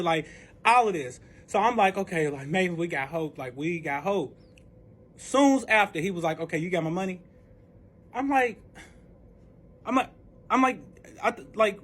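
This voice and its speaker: A young man telling a personal story in casual storytime style, rambling and profane, swinging between hushed recounting and heated outbursts. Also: high-pitched, moderate pace, husky. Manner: rambling, profane, full of "like" fillers.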